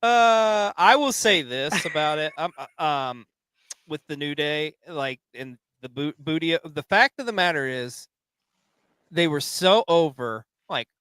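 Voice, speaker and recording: Bright, profane man hosting a podcast. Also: fairly high pitch, animated, unhurried, clear, resonant tone, no echo. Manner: emphatic, heavily profane. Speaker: podcast host. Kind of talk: casual chat.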